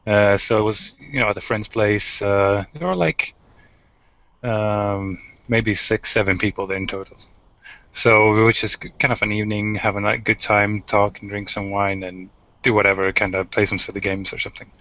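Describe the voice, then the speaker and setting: Low-voiced guy calmly telling a story on a call, dry and kinda muffled. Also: dry recording. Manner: calm, measured storyteller. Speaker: round table panelist. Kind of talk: casual chat. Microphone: video call.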